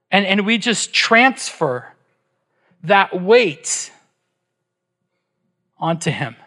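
A man's voice: high-pitched, big pitch swings, extremely slow, pauses often, pushed and bright. A middle-aged man preaching a sermon as pastor, emphatic, asking his listeners rhetorical questions and checking in with "right?".

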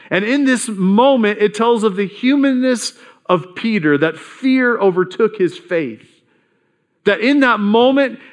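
Male pastor with a high voice, preaching, shifting pitch to act out people in the text. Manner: reads scripture then acts out Peter's thoughts with swings in pitch. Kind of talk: sermon.

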